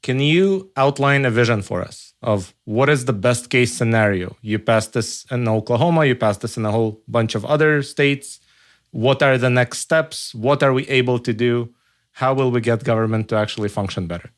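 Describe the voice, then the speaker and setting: A man hosting an interview podcast, speaking in a measured, curious way. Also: medium pitch. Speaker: podcast host. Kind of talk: casual interview talk.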